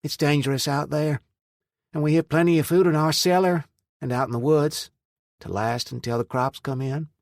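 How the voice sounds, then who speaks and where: A man's voice: a little high, steady tone, moderate pace, creaky, darkish tone, dry recording, pitched above the performer's own voice. A man voicing a stern but loving middle-aged mother who scolds firmly. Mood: welcoming. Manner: scolding, firm.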